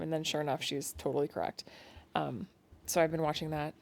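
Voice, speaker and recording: Woman podcast co-host, low-pitched, relaxed and chatty, quick to laugh at herself. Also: vocal fry. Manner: chatty, self-deprecating, laughs often. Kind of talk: casual chat. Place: home at night, kids asleep nearby.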